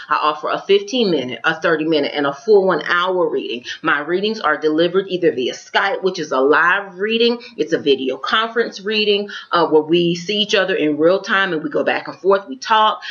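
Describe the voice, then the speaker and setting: A woman's voice: on the low side, a bit bright, lo-fi sound. A woman with a Florida accent, chatting to her viewers and giving a tarot reading in an upbeat, chatty way. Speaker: tarot reader. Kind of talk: casual tarot reading to camera.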